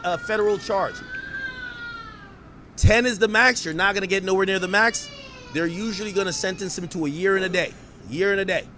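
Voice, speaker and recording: A man hosting a podcast, giving loud, profane reaction commentary that at times turns to shouting. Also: sits high, a little hiss or hum. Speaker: podcast host.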